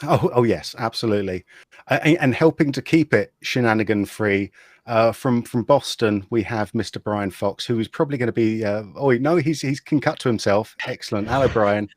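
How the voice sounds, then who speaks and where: A man's voice: on the low side, normal speed, no echo. A man hosting a casual livestream chat, talking with lots of fillers and restarts over a video call. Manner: chatty, hesitant, many fillers and restarts. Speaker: host.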